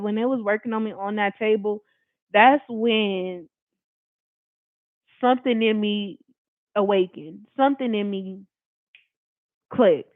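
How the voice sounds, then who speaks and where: A woman's voice: on the high side, no echo. A woman telling a personal story in a casual storytime style, blunt, emphatic and full of profanity. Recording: tinny phone-like dry recording.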